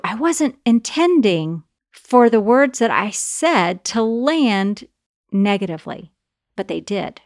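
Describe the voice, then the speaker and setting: Middle-aged woman host, lively teaching talk with hushed asides, dry close-miked sound. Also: on the high side, a little slow, no echo. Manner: animated, shifts between emphatic and soft asides. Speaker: podcast host. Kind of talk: teaching, conversational podcast talk.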